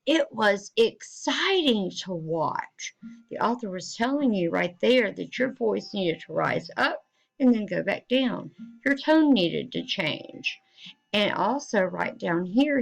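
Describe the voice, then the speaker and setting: Slow, gravelly-voiced woman teacher. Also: mid-range voice, rough recording. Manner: slow, deliberate, expressive teaching voice. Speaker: elementary school teacher. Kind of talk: reading fluency lesson for children.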